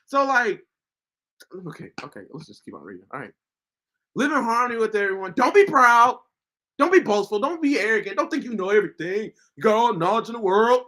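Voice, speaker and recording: Male online Bible teacher, preaches casually and passionately, pitch swooping all over. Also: brisk. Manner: animated, rhetorical questions, bursts of shouting. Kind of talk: informal devotional preaching from scripture.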